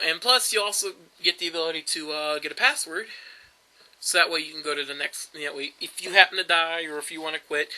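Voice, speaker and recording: A man's voice: on the high side, pushed and bright, rough recording. A young man casually commenting while playing a video game, rambling with frequent fillers and restarts. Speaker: gameplay commentator. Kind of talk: casual let's-play commentary.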